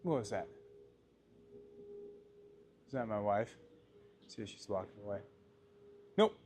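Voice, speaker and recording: A man's voice: on the low side, animated, measured pace, darkish tone, slight background noise. A man from Washington State, a blacksmith livestreaming from his workshop, chatting casually, laughing often, reading his chat aloud and answering it while he works. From Washington State, USA.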